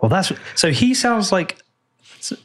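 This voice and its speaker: A man's voice: sits high, sing-song, normal speed, fairly bright tone. A man in his forties hosting a casual podcast interview, chatty and joking, with the odd swear word. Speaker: podcast host.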